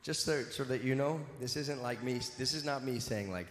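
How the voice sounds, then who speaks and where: A man's voice: medium pitch, moderate pace, a little hiss or hum. A man doing live stand-up comedy on a big stage, playfully teasing and bantering with the audience. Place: large live venue stage. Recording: echoey hall with long reverb, crowd ambience.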